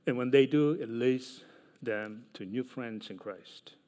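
Male pastor, unhurried sermon delivery with loud emphatic peaks and hushed asides; mid-pitched voice.

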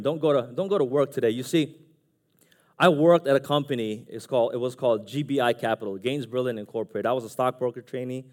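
A man, speaking from the front of a church. His voice sits at an ordinary middle pitch but keeps swinging from a quiet hush up to loud, raised peaks. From Jersey City / New York City area. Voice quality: earnest, with dramatic pitch and volume swings. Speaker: church member giving testimony. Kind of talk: personal testimony from the pulpit. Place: church sanctuary.

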